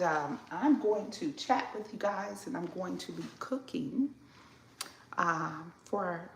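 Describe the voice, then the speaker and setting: Slow, gravelly woman chatting on a live stream. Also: on the low side, a bit bright, reverberant, slight background noise. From southern Illinois, Midwest. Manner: unhurried, chatty, answers viewers with frequent fillers. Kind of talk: casual live-stream chat reading viewer comments. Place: home kitchen.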